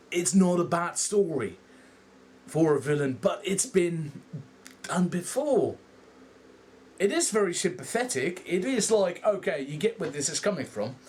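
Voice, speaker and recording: A man's voice: a little high, a little hiss or hum. Rambling Dutch-accented man. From Netherlands. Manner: rambling, animated, swears freely. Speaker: vlogger. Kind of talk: casual movie review rant.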